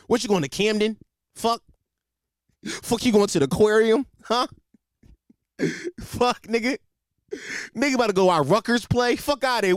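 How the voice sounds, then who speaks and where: Brief: young Philly man, high voice with wild swings, profane comedic rant, dry close sound. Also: dry recording. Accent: Philadelphia. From Philadelphia, USA. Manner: animated, swings between shouting and muttering, repeats himself. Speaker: comedic ranter.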